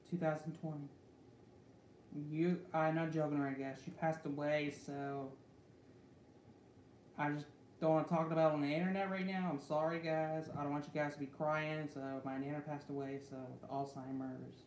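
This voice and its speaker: A man's voice: a little high, a little mellow. A young man hosting a casual vlog, rambling and repeating fillers like "so" and "guys" over and over. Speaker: channel host. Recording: echoey room with faint background hum.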